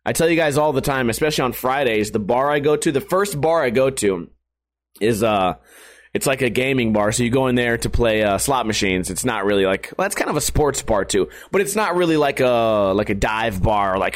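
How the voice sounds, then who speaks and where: A man's voice: mid-range voice, lively intonation, a little fast. A man hosting a podcast in a crude, rambling, jokey comedic monologue. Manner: crude, rambling, jokey, puts on silly voices. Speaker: podcast host.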